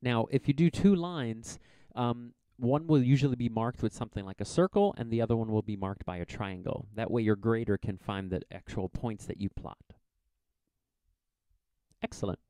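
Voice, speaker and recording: A man's voice: medium pitch, normal speed, warm tone, clear, resonant tone, no echo. A man teaching a science exam review lesson, explaining graphs in a chatty, informal way with little asides.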